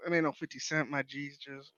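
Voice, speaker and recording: A man trades blunt, slangy banter on a casual podcast, with no polish to how he talks. His voice sits a little higher than usual for a man. The sound is dull and dry, as if taken from a cheap mic in a dead room. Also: level tone, normal speed, sharp tone, no room sound.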